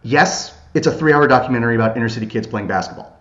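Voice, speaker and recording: A man's voice: medium pitch, racing, a bit bright. Earnest man on roomy, dull-sounding audio. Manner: earnest, brief affirmations. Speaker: podcast co-host. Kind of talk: casual podcast chat.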